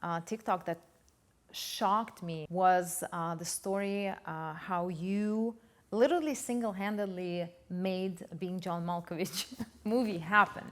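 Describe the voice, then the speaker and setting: Woman host asking relaxed questions. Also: on the low side, slow. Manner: relaxed, hesitant questions with fillers. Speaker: podcast host. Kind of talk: casual interview.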